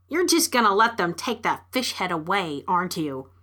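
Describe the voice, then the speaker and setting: A woman's voice: lowish voice, very animated, normal speed, sharp tone, voice pushed down. A woman voicing a sardonic, hungry street raccoon with a smoky, growling voice. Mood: grudging.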